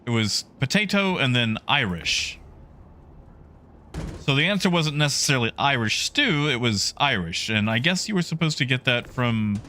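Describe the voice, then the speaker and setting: Bright-voiced chatty male streamer. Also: medium pitch, animated, normal speed, a little hiss or hum. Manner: chatty, greets chatters by name. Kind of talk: casual livestream chat.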